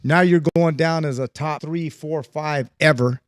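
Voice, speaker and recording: A man's voice: fairly high pitch, unhurried, clear, resonant tone, no echo, studio quality. A man on a boxing panel making his case in long hedged sentences, with many stuttered restarts. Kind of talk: panel debate.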